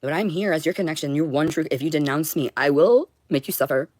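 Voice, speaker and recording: Low-voiced woman, intense solo monologue. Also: fast talker, a little mellow, dry recording. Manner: intense, profane, talks in short broken phrases. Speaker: livestreamer. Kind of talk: rambling solo livestream monologue.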